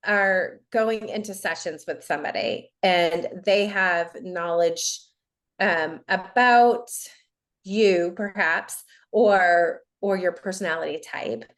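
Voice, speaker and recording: A woman's voice: lowish voice, slow pace, a bit bright. A woman guest who works as an Enneagram coach, talking in a casual podcast chat and telling stories full of quoted dialogue.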